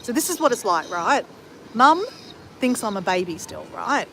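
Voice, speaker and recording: A woman of fifty talks loosely to her livestream viewers, rambling from one travel story to the next and swearing freely. Her voice sits in a middling pitch. A faint hiss of noise runs underneath. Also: lively intonation, a little fast, vocal fry, fairly bright tone. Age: 50s. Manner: chatty, rambling, with frequent swearing and fillers. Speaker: travel vlogger. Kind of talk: casual livestream chat answering viewers.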